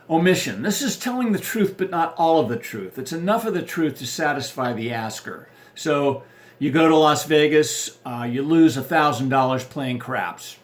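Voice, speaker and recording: A man presenting marriage advice in a scripted talk, giving definitions in a measured, list-like way. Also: fairly high pitch, animated.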